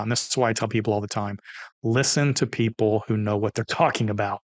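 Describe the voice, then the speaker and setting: Energetic middle-aged man telling stories. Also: lowish voice, brisk, no room sound. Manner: energetic, animated storyteller who acts out dialogue. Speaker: podcast guest. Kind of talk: interview storytelling.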